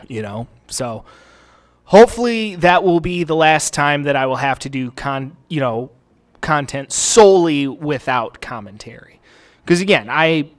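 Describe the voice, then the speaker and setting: A man hosting a gaming channel, talking casually over gameplay in a rambling, profane, self-deprecating way with many fillers. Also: medium pitch. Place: home recording space.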